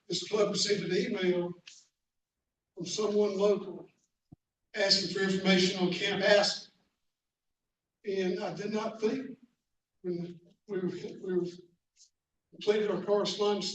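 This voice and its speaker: A man from the club speaking at a meeting in a measured way with fumbling restarts, heard from a distance in an echoey room. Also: sits high. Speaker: club member. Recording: echoey hall, distant mic, faint noise.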